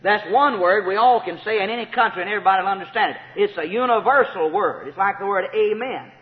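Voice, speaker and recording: A man preaching a sermon, emphatic and repetitive, rising to shouted praise. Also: high voice, fast. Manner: emphatic, repeats key phrases, rises to shouts of praise. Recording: tinny phone-like sound with long hall reverb.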